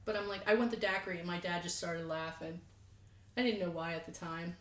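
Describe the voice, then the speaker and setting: A woman's voice: on the low side, steady tone, brisk. A young woman co-hosting a podcast in casual chat, rambling and self-deprecating, laughing often. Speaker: podcast co-host. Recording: echoey room.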